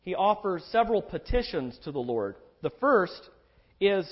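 Animated high-voiced man preaching, husky and lively. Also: moderate pace. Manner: emphatic and animated, drawing out key words. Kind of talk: expository sermon. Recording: dull lo-fi recording.

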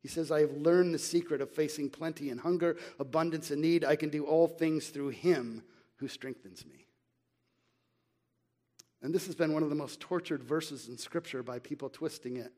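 A middle-aged pastor with a fairly high, warm voice preaches a sermon in an earnest, conversational way. He asks rhetorical questions and reads scripture slowly and with emphasis.

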